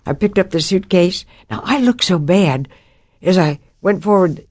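A woman's voice: fairly low pitch, lively intonation, unhurried, darkish tone, no room sound, studio quality. Older woman telling a dramatic testimony. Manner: dramatic, acts out the voices of people in her story. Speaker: speaker giving a Christian testimony. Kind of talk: personal testimony storytelling.

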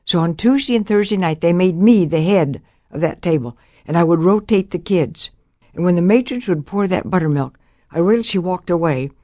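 An older woman giving a personal testimony, telling a childhood story and acting out the voices with big jumps in pitch. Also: no echo, clean studio sound. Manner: animated, acts out quotes with big pitch jumps.

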